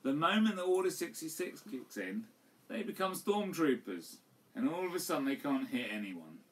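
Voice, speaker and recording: A man co-hosts a casual, tipsy podcast chat from a home live stream, rambling with plenty of fillers and some swearing. His voice is on the high side with big pitch swings at a normal speed. The mic is distant, picking up faint room noise.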